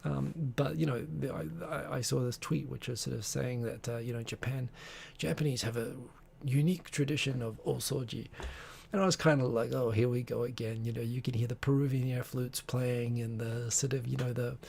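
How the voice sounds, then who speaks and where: A man's voice: medium pitch, fairly even intonation, normal speed, gravelly, darkish tone, slight background noise. A man hosting a live stream, chatting casually in a rambling, digressive way with many restarts. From Tokyo-based.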